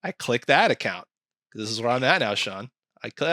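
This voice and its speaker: A man chatting casually on a podcast, animated and swearing often as he acts out quoted comments. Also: mid-range voice, normal speed, dry recording, clean studio sound. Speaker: podcast co-host.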